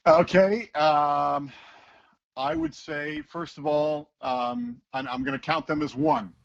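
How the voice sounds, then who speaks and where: Male teacher as guest, animated raconteur, slightly high and gravelly, dull call sound. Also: takes it slowly. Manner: animated storyteller who acts out voices. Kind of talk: casual interview talk.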